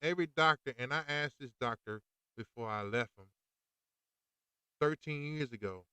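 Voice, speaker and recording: Fired-up man with a smooth voice. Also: medium pitch, normal speed, bright, forceful tone, dry recording, poor audio. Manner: fired-up, preachy, slangy and direct. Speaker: podcast host. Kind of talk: opinionated monologue.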